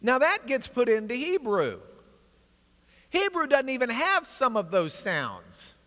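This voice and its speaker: A man with a strikingly high, bright voice leads a lively class lecture, his pitch swinging widely as he explains and jokes with the room. His words ring with the long reverb of a large hall. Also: measured pace. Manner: energetic, animated storytelling with asides to the class. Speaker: Bible class teacher.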